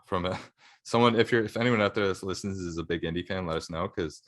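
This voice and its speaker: A man's voice: sits low, fast talker. A young man, co-hosting a podcast in casual, rambling chat full of fillers. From Canada. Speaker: podcast co-host.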